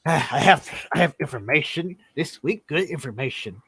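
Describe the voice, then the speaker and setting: A man's voice: fairly high pitch, animated, moderate pace, vocal fry, pushed and bright, slightly rough, no room sound, full character voice. A man voicing a swaggering drunk townsman who brags and slurs. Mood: boastful drunk.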